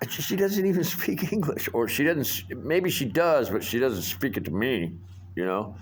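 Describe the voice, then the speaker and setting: Profane rambling middle-aged man, lively pitch. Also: moderate pace, a little hiss or hum. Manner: angry, profane, rambling with many fillers. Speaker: vlogger. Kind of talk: casual rant monologue.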